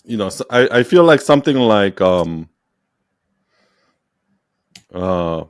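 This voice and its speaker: A man's voice: lowish voice, very animated, slow pace, smooth, no room sound. A man hosting a podcast, coaching his guest in casual talk, probing with questions and often checking whether he is understood. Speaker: podcast host.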